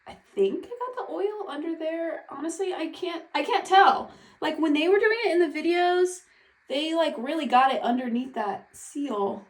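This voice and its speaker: Woman vlogger, anxious self-talk, rambling delivery, bright-ish pitch, roomy echo. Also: expressive, moderate pace. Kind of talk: casual vlog talk. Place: at home. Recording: echoey room, voice from a distance.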